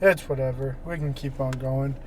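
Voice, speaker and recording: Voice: medium pitch, steady tone, normal speed, slight background noise. A podcast co-host chatting casually about a movie, hesitant and full of "um" fillers. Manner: hesitant, many "um" fillers and restarts. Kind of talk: casual movie review chat.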